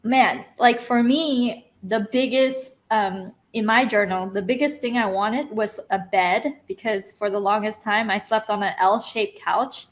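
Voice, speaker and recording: Hosting a laid-back livestream chat, a woman who came to America as a child speaks a little slowly, with few pauses, in a mid-range voice. She's warm and encouraging toward her guest, her speech heavy with fillers and restarts.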